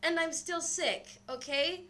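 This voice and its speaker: A woman's voice: very high-pitched, unhurried. A young woman vlogging casually on her webcam, a little out of breath, rambling and swearing freely as she tells a story. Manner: rambling, animated, swears a lot. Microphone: built-in webcam mic.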